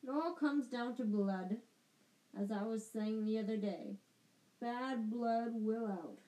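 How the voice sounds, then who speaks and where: A woman voicing a loud, boozy older aunt who bullies and sneers, speaking slowly and scornfully. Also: fairly high pitch, low-quality recording. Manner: blustering, scornful, slow.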